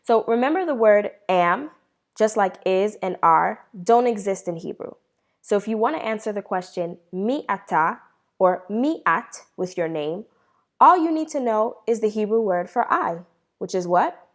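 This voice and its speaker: A woman teaching a beginner Hebrew lesson, asking questions, pausing, then answering them herself with praise and slowing down to model each word. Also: medium pitch, lively intonation. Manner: slows down to model words.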